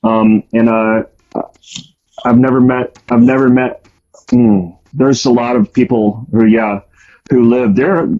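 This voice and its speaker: A man's voice: mid-range voice, expressive, slow pace, gravelly, warm tone. A man casually telling a story about his past, with a rambling delivery full of fillers and restarts. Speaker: guest storyteller. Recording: dull lo-fi audio.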